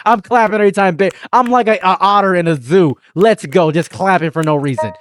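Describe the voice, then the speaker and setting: A man hosting a casual commentary chat, rambling and joking with excitable bursts. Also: sits high, fast, hardly any pauses, dry recording, studio quality. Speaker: channel host.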